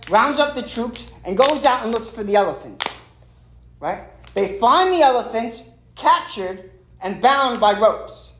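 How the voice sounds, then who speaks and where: A man's voice: very high-pitched, reverberant, low-quality recording. A man sharing at a recovery meeting from a stage. He is emphatic and streetwise, and he keeps dropping "man" and "right".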